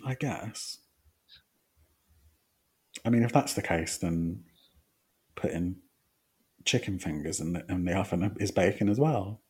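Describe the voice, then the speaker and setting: A man's voice: low-pitched, a little slow, pauses often, darkish tone, husky. A young man co-hosting a podcast, chatting casually with laughs and the odd swear. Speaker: podcast co-host. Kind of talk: casual chat.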